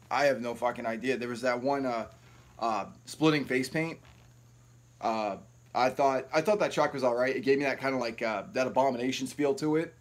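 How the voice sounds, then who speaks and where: A man hosting a live stream, ranting in a rambling, profane, heated way. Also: mid-range voice.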